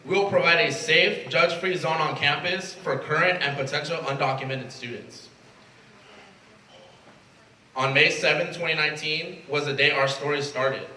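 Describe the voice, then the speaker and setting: Bright-voiced young student president speaking. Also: male voice, fairly high pitch, moderate pace. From Mexico. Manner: emotional, earnest, reading a prepared speech. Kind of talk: prepared speech. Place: event space at a college. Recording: echoey room from far off, faint ambience.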